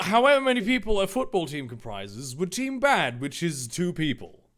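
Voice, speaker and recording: A man's voice: high-pitched, big pitch swings, normal speed, fairly bright tone. Sarcastic man reading fan fiction. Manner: sarcastic asides, swearing. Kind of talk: comedic dramatic reading.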